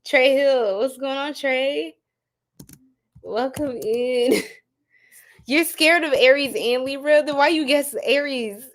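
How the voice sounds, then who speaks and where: A woman's voice: sits high, slow pace, long pauses. A woman tarot reader, chatting and joking with viewers on a live stream and laughing often. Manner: laughing a lot, playful, chatty.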